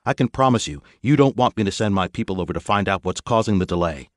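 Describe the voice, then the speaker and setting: A man's voice: fairly low pitch, lively intonation, quick pace, no echo, natural voice. Brief: menacing captain on the phone, clipped and stiff, voiced by a male narrator, dry close audiobook read. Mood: threatening. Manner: stiff, snarling.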